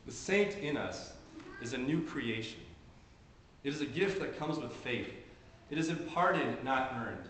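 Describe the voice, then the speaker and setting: A man's voice: medium pitch, lively intonation, a little slow, a bit bright, a little hiss or hum. A man preaching a sermon to a congregation in an earnest, conversational way. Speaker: pastor. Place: church sanctuary during a service. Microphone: handheld camcorder in the congregation. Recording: very echoey church, camcorder audio.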